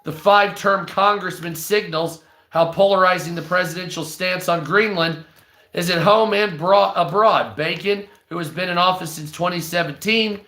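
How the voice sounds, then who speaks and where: A man's voice: sits high, normal speed, bright, forceful tone, reverberant. A stoned man reading news aloud on a live stream, breaking off into profane, hostile, sarcastic rants.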